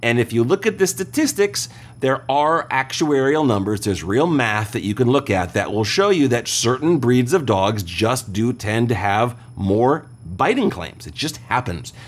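A man's voice: medium pitch, very animated, measured pace. A man hosting a radio advice show, explaining things step by step and often checking in with listeners. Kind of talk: call-in radio advice talk.

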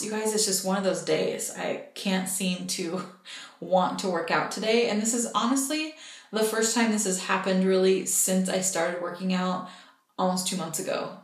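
Frustrated woman venting in an echoey room. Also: medium pitch. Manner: frustrated, discouraged venting with frequent ums. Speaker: vlogger. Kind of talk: candid personal vlog.

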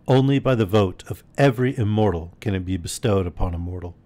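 A man reading aloud and voicing a stern, weathered male master mariner, speaking in a low, measured way. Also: warm tone, lightly acted.

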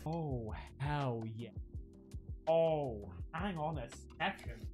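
Excitable man with a lively voice. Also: a little high, takes it slowly, soft background music. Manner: excitable, exclamatory, says mate a lot. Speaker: YouTuber opening fan mail. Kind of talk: casual unboxing chat.

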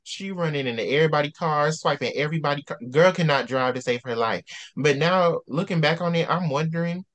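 A man hosting a casual book discussion, animated and ranting in preacherly outbursts. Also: on the high side, a little fast.

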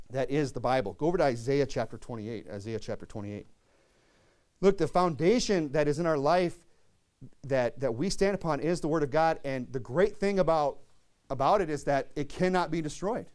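A man's voice: mid-range voice, darkish tone. A young man preaching an earnest sermon, reading scripture aloud and often restarting his sentences. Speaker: pastor.

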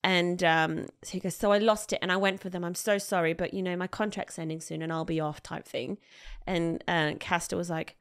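Chatty woman with a touch of vocal fry. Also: on the low side, steady tone, fairly quick. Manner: chatty, many fillers, acts out quoted people. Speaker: podcast co-host. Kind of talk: casual chat retelling a story.

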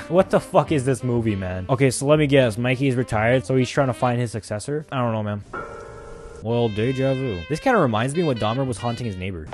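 A man's voice: mid-range voice, expressive, brisk. Young guy roasting a movie, swears a ton, voice jumps all over, faint music behind. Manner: sarcastic, crude and mocking. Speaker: movie reaction host. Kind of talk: profane movie reaction commentary.

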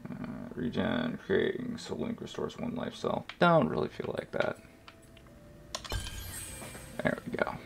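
A man's voice: low-pitched, sing-song, a little slow, creaky, long pauses, a little hiss or hum. A man giving joking, rambling commentary while playing a video game, muttering to himself. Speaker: gamer. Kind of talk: casual let's play commentary. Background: game music.

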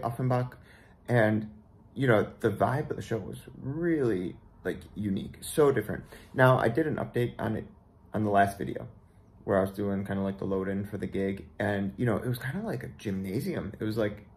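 A man on tour as a bassist, chatting straight to the camera in a casual travel vlog and poking fun at himself. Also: slight background noise. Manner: chatty, self-mocking, talks straight to camera. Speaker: touring bassist.

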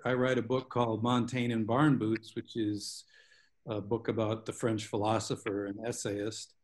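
A man, a guest author, telling long stories with tangents in a book club discussion over a video call. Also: medium pitch. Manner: rambling, self-aware storyteller with tangents.

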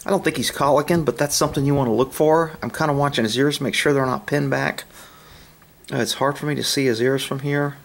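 A man filming his horses outdoors, joking and talking in high baby talk to them. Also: fairly even intonation, fairly quick, gravelly. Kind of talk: casual vlog commentary. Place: outdoors at a pasture.

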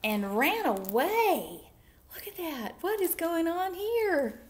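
A children's librarian reads picture books aloud at storytime in a very high voice, slowly and in an animated, sing-song way that often drops into a whisper.

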